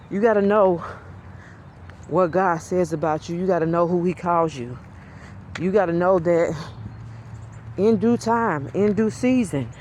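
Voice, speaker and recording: A woman with a deep, low voice preaching an earnest message of encouragement to camera, repeating phrases for emphasis. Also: a little mellow, slight background noise. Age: adult with school-age children. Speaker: self-styled prophetess posting online videos.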